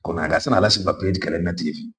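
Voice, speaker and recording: A man's voice: sits low, rapid-fire, a bit bright. A man with a Nigerian Igbo accent giving an impassioned political monologue, moving between Igbo and English with emphatic repetition. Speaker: online political commentator.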